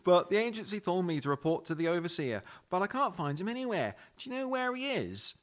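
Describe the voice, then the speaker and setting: A man's voice: high voice, sing-song, fairly quick. A man playing a nervous, bumbling male temp henchman who keeps apologizing. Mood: anxious. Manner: apologetic, fretful.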